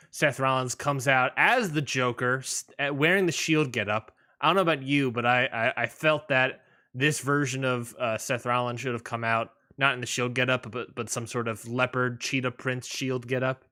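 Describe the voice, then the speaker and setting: Bright-voiced rambling male podcast host. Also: medium pitch, fairly even intonation, clear, resonant tone. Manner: rambling, lots of fillers and restarts, quick laughs. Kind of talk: casual wrestling podcast chat.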